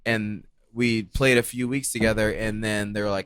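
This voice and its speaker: A man's voice: lowish voice, fairly even intonation, normal speed, fairly bright tone, smooth, no room sound, studio quality. A young man hosting a podcast, telling a story in casual chat and laughing often. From Arizona. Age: young adult. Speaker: podcast host.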